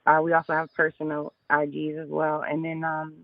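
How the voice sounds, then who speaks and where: A man's voice: fairly high pitch, monotone, fairly quick, gravelly, no room sound, muffled recording. A man guesting as a comedy promoter on an online radio talk show, chatting casually, laughing easily and restarting his phrases. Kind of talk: casual interview chat.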